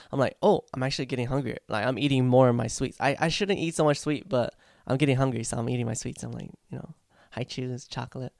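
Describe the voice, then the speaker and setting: Gravelly young man musing about his song. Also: mid-range voice, no room sound, studio quality. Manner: rambling, reflective, with frequent fillers and restarts. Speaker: vlogger recording his own song. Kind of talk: casual vlog talk.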